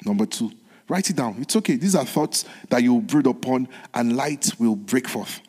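A man's voice: mid-range voice, expressive, normal speed, breathy edge. Man preaching in a reverberant hall. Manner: earnest, repeats phrases, moves between soft whispered lines and raised ones. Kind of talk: sermon.

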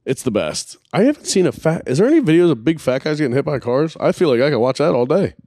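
A man's voice: on the high side, big pitch swings, quick pace, dark tone, no echo. Crude rambling man, dry close sound. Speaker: podcast host. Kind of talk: casual profane chat.

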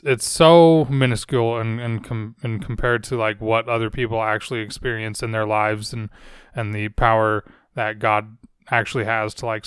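This solo podcast comes from a young man whose fairly low voice has a clear, resonant tone, recorded close with no room sound. He talks earnestly and searchingly, keeping it soft-spoken and reflective.

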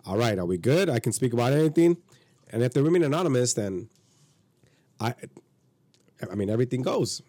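A man hosting a podcast in casual chat, profane and animated, acting out quotes as he tells stories. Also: mid-range voice, brisk, pauses often, dry recording. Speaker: podcast host.

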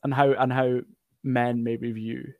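A man co-hosting a film podcast, speaking at an ordinary middle pitch. He talks in a halting, chatty way, full of restarts and fillers. The sound is dry and close. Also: flat delivery, no room sound. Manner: halting, many restarts and fillers, laughs often. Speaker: podcast co-host. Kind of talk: casual film discussion.

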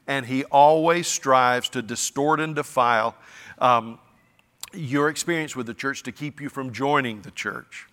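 A man's voice: mid-range voice, sharp tone, long reverb tail. A man preaching a sermon as pastor, earnest and conversational.

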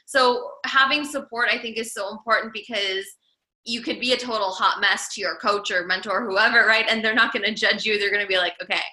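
A woman's voice: mid-range voice, fairly even intonation, fairly quick, bright, forceful tone, reverberant, poor audio. A woman entrepreneur and coach talking casually as a podcast guest, full of "like"s and restarts. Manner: chatty, many "like"s and restarts.

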